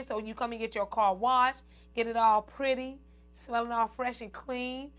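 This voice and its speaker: A woman's voice: on the high side, fairly even intonation, normal speed, a bit bright, faint music behind. Chatty woman host talking to her viewers. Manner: chatty, laughing, addresses "y'all" and "ladies". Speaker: show host. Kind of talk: casual chat to viewers.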